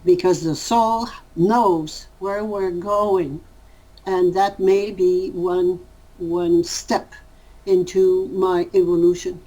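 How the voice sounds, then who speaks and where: Slow, measured woman speaking. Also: fairly low pitch, fairly even intonation, dark tone, rough recording. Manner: measured, pausing to rephrase. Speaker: interviewee. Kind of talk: thoughtful interview answers.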